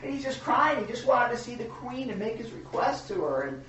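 A man's voice: very high voice, sing-song, fairly quick, fairly bright tone, dull audio, slight background noise. Man preaching in an echoey room. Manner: conversational, rambling with restarts and rhetorical "right?". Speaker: pastor. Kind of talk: sermon. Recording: echoey room, mic far off.

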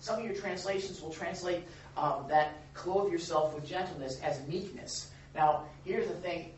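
A man pastor delivers a lively, conversational sermon. He is heard from a distance in an echoey room with faint ambience behind him. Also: fairly high pitch, moderate pace, a little hiss or hum. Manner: animated, acts out quoted voices, chuckles. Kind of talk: sermon with congregation. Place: church or meeting room.

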